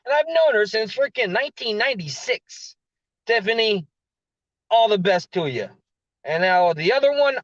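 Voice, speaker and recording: A slightly hoarse man telling a story in a rambling rant, with frequent restarts and fillers. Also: high voice, fairly bright tone, no echo, muffled recording. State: slightly hoarse, losing his voice. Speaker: vlogger recounting a story.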